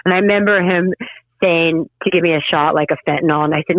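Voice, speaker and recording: Woman, podcast guest, emotional halting storytelling, tinny phone-line sound, dry. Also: on the low side, no echo. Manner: halting, emotional, frequent restarts. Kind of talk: personal storytelling in an interview.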